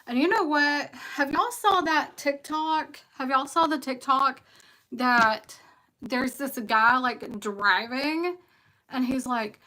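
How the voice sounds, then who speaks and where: Chatty West Virginia woman, high bright voice. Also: takes it slowly, poor audio. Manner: chatty, rambling, greets live commenters by name. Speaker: tarot reader. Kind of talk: casual livestream chat.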